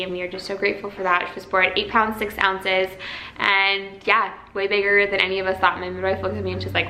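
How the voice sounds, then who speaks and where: A woman's voice: medium pitch, reverberant, background noise. A young woman vlogger telling her birth story in a heartfelt, chatty way, full of "like"s. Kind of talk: casual birth story vlog.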